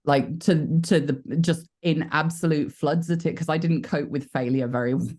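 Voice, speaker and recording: A woman's voice: deep voice, steady tone, moderate pace, mellow. Frank British woman telling stories. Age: 40s. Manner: frank, chatty storyteller who laughs at herself. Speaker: voice actor guest. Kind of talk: candid interview talk.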